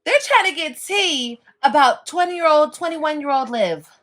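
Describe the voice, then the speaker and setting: A woman's voice: high voice, expressive, a little slow, a bit bright. A woman in her thirties venting to her viewers in a sassy, mocking and profane way. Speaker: livestreamer. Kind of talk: venting to viewers, played clip. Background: child whining.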